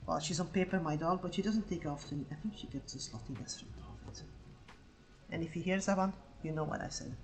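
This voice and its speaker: A woman livestreams while she draws, telling a story in a casual, sarcastic way and swearing freely. Her voice sits a bit low for a woman, and she tells it at an animated clip from a home studio. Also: fast talker, rough recording. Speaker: livestreaming artist.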